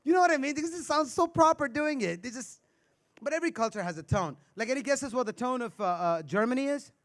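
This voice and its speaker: A man's voice: very high-pitched, expressive, quick pace, a bit bright. A man doing stand-up comedy on a live stage, teasing the crowd with banter. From India.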